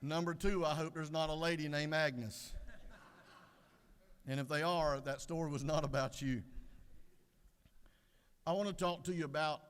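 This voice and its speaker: A middle-aged man giving a folksy devotional sermon, unhurried with many fillers. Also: on the high side, fairly even intonation, smooth. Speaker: devotional speaker. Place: legislative chamber. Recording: echoey chamber.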